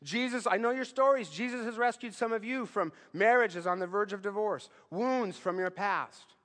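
A man with a fairly high voice delivers a sermon as a pastor. He talks to the congregation like a conversation, leaning on rhetorical questions. He builds to strong emphatic lines and then falls to a quiet hush, with the long reverb of a large hall around him. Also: moderate pace. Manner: rises to emphatic bursts, then drops low and quiet.

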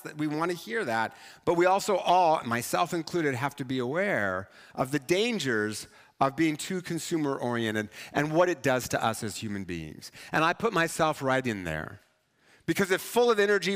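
A man preaching a sermon as pastor, talking in a conversational, animated and self-mocking way. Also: high-pitched. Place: church sanctuary. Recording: church hall reverb.

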